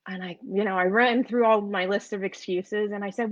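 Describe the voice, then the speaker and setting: A woman's voice: mid-range voice, steady tone, a little fast, hardly any pauses, no echo. Jersey/ny accent lady chatting on a livestream, lots of restarts, dry slightly dull sound. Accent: New York and New Jersey. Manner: chatty, storytelling, many restarts. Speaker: online business coach. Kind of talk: live-streamed casual talk.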